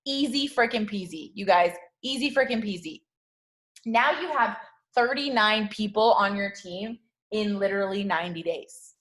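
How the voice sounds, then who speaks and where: A woman in her 30s, a network-marketing team leader, gives a motivational talk to camera at normal speed in a fairly bright voice. Her punchy hype talk is high-energy, repetitive and slangy, and she keeps checking in with listeners by asking "okay?".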